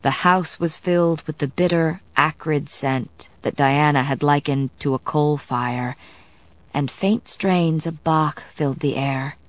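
A woman reading an audiobook in measured, even, scripted narration. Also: sits low, dry recording.

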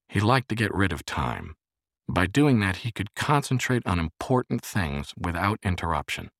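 A man narrating an audiobook in a very deep voice with lively, rolling intonation. His reading is measured and expressive, recorded dry and close to the mic. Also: no room sound.

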